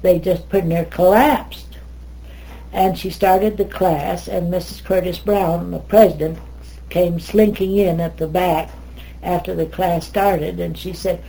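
An older American woman telling stories in an interview, lively, wandering, and often correcting herself. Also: lowish voice, unhurried, vocal fry, poor audio. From United States. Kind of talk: oral history storytelling.

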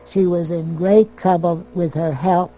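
Older woman telling family stories, mellow. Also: lowish voice, steady tone, measured pace, soft background music, poor audio. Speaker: storyteller. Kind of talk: oral history reminiscence.

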